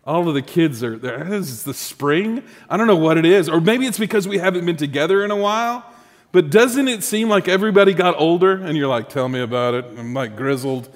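A man's voice: high voice, lively intonation, brisk, big-room sound. A man preaching a sermon as pastor, conversational and humorous, with asides to the congregation.

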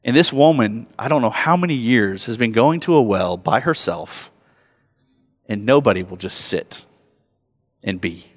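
A man's voice: medium pitch, expressive, measured pace. Pastor guy in his 30s preaching, chatty and self-deprecating, ringing echo of a big church. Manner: conversational and self-mocking, rising loud for acted moments. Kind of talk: sermon with personal stories. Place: church sanctuary. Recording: long hall reverb.

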